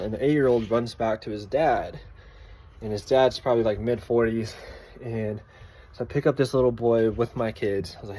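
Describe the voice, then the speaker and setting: Young dad telling a story casually. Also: male voice, medium pitch, normal speed, darkish tone. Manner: loose and conversational, with fillers and swearing.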